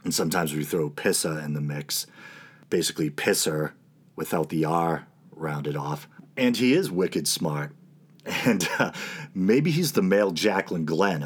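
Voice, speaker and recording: A man with a New England accent hosts his own podcast alone, his voice sitting very low. He talks in a loose, offhand way, dropping wry asides and pausing on small "uh" fillers as he goes. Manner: casual, wry, with frequent "uh" fillers. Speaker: podcast host. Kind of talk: solo podcast commentary.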